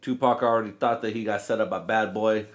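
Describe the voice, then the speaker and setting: A man's voice: fairly low pitch, steady tone, fairly quick. A man hosting a comedy podcast, talking in a loose, profane, rambling way and acting out quotes in silly voices. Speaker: podcast host.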